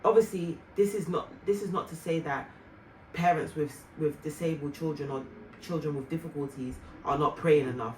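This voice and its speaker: A woman vlogger and mother telling a heartfelt personal story in an earnest, reflective way, with soft fillers. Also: low voice, normal speed. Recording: roomy, distant mic, faint noise.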